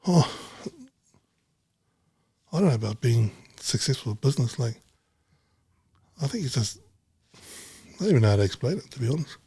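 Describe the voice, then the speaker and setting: A man's voice: mid-range voice, lively intonation, normal speed, pauses often, mellow, slightly rough, dry recording. A middle-aged man talking bluntly in casual chat, swearing freely and rambling. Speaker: podcast guest, businessman.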